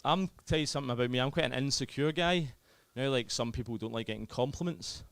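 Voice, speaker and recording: A man's voice: medium pitch, fast, gravelly, fairly bright tone, smooth. A young Scottish man with a Scottish accent performing a self-deprecating, chatty stand-up comedy set. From Scotland.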